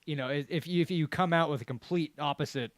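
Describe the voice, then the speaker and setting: A man's voice: on the high side, fast talker, dry recording. A man chatting casually on a podcast and earnestly giving his opinion. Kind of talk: casual chat.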